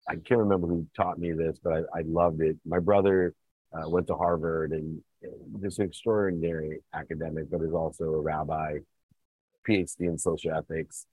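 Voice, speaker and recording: A man's voice: extremely low pitch, level tone, moderate pace, a little mellow, slightly rough, dry recording. A male interviewer asking long, earnest, rambling questions. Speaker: interviewer host. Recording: dry, tinny phone-like line.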